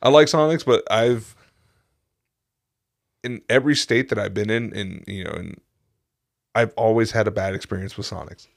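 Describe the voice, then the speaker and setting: A young man co-hosting a casual podcast, telling stories with lots of swearing and loud acted-out quotes. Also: fairly low pitch, normal speed, vocal fry, long pauses, no room sound, studio quality. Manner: profane, animated storytelling with loud acted-out quotes. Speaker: podcast co-host. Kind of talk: casual chat.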